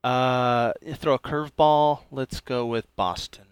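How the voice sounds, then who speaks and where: A man chats as a podcast guest in a mid-pitched voice, recorded dry with no room sound. He speaks in a relaxed, hesitant way, filling his pauses with "uh.". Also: smooth, dry recording. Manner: relaxed, hesitant with many fillers. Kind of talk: casual chat.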